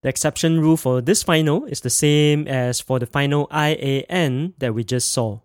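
A man teaching a pronunciation lesson, modelling each sound slowly and carefully and asking the listener to repeat it. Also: a little high, no echo, clean studio sound. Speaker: language teacher.

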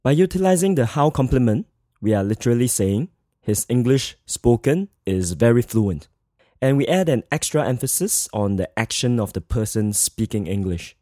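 A man giving a scripted Mandarin grammar lesson, speaking in a measured way and slowly repeating model phrases. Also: medium pitch, animated, warm tone, no echo, studio quality. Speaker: Mandarin teacher.

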